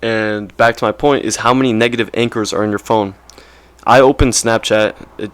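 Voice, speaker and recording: A man's voice: fairly low pitch, steady tone, brisk. A young man vlogging in a casual, rambling monologue, peppered with slang and "right?" checks.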